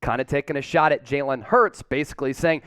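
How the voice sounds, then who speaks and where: A man hosting a sports news show, giving energetic, emphatic fan commentary. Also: mid-range voice, fairly quick, clean tone, no echo, clean studio sound. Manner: emphatic, hyped-up fan delivery.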